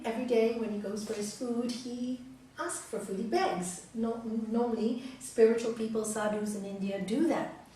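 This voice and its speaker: Yoga teacher lady telling a story, kinda high voice, big echoey hall, mic far off. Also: dark tone, a little hiss or hum. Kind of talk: storytelling in a class. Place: large hall.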